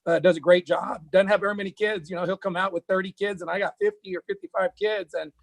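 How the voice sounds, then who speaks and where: A man, a high school football coach, chatting casually and rambling with many fillers and restarts. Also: fairly even intonation, quick pace, creaky, no echo. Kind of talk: casual chat.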